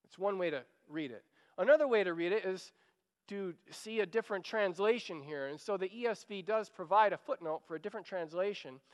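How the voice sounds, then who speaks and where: An earnest man preaches a sermon, urging his listeners and repeating phrases as he pleads. His voice sits very high and comes across smooth and resonant. A long reverb trails each phrase, as in a large hall. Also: brisk. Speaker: pastor.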